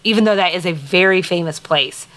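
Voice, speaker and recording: A woman's voice: on the low side, a bit bright. A woman with a light Southern American lilt chats and rambles on a podcast. Her talk is loose and full of restarts, and she teases her co-host in a playful way. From Southern United States. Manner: chatty and rambling, quick laughs, playful teasing. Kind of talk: casual chat.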